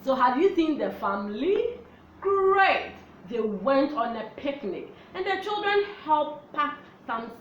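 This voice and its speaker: A woman teaching young children a phonics lesson, in a slow, sing-song, animated way. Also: high voice, lo-fi sound. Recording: echoey room with faint background noise.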